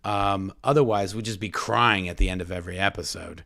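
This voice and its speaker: A man's voice: low voice, a little fast, gravelly, bright, forceful tone. A man co-hosting a casual live podcast Q&A, chatty and talking straight to his viewers. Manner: chatty, reads viewer comments aloud, addresses "folks". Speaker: podcast co-host.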